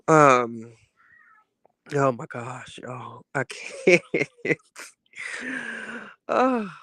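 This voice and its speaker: Man, under the weather and winded; gravelly, expressive, sassy vlog chatter. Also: medium pitch, no echo. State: sick with a cold, winded. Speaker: vlogger. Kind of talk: casual chat to camera.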